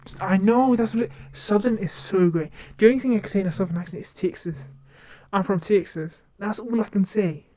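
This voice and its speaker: A young woman streamer in casual live-stream chat, talking quickly and rambling, with lots of fillers and restarts. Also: mid-range voice, warm tone, dry recording. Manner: rambling, fast and talkative with many fillers. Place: home streaming setup.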